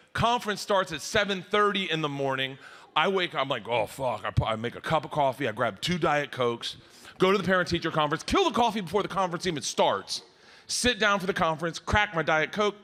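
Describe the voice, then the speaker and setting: A middle-aged man telling profane stand-up stories, breaking into shouts. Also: on the high side. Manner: rowdy, profane storytelling with shouted bursts. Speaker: stand-up comedian. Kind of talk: stand-up comedy routine. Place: stage before a live audience.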